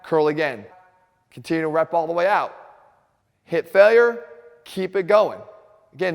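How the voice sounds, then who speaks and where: A man's voice: a little high, vocal fry. A male fitness coach filmed in a gym, addressing viewers directly and energetically as he explains his training approach. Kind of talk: instructional fitness video. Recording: reverberant gym room.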